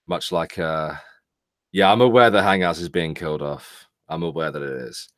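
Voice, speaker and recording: A man with a London accent co-hosts a casual live stream, his low voice recorded close and dry. He answers chat with dry, teasing remarks and rambling stories. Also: measured pace, no echo. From England. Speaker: co-host of a live stream show.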